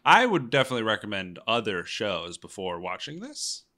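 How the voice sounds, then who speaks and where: A man's voice: on the low side, wildly swooping pitch, moderate pace, bright, forceful tone. A man co-hosting a casual chat about a show, laid-back and teasing. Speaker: podcast co-host.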